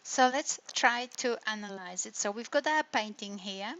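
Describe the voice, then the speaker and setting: A university lecturer with a medium-pitched, fairly bright voice moves at a moderate pace through an online lecture on intonation. Step by step, she explains and checks in with listeners using "right?" and "hey?". The recording is lo-fi and dull.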